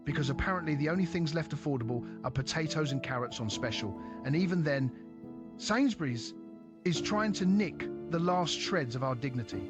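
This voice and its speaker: Wry high-voiced male narrator. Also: lively intonation, normal speed, music in the background. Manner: sardonic, wry. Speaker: compilation narrator. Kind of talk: scripted narration.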